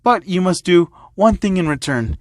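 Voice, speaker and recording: Man doing a playful teasing teen girl, slightly high, dry sound. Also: expressive, normal speed, dry recording.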